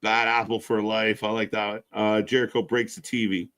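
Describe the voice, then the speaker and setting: This wrestling watch-along host keeps his tone flat and his pace moderate while firing off sarcastic, profane, laid-back commentary. He alternates between hollering and low muttering.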